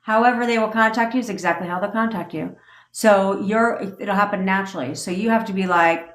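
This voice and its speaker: A woman's voice: mid-range voice, fairly quick, fairly bright tone. Blunt, profane woman ranting in a roomy space. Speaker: manifestation coach hosting a live stream. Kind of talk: casual livestream rant. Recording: roomy echo.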